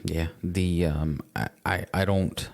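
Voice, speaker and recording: A man's voice: deep voice, fairly even intonation, takes it slowly, creaky, darkish tone. A man co-hosting a podcast, chatting casually in a rambling way, full of restarts and swearing. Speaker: podcast co-host. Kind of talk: casual chat.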